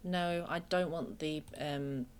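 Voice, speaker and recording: A woman from England, low-pitched and fairly even in intonation, chats slowly and casually while streaming a video game from her bedroom. She's self-deprecating and easily sidetracked, with slight background noise present.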